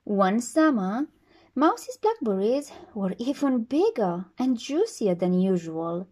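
A woman reading a children's story aloud as a storyteller, slow and expressive with a sing-song delivery. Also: fairly high pitch.

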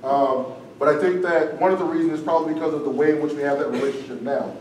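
A man's voice: on the high side, fairly even intonation, quick pace, a little mellow. Guy lecturing debate kids, voice kinda shot, keeps saying "right?", far off in an echoey room. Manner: casual, tags sentences with "right?". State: strained, tiring voice. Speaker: debate instructor. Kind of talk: classroom lecture. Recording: echoey room, far from the mic, faint noise.

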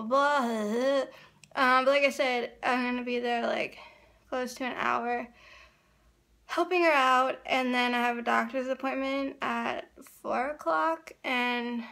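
A woman's voice: sits high, gravelly, fairly bright tone. A young woman vlogging in a chatty, rambling way, full of fillers, talking into a handheld phone camera. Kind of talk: casual vlog chat.

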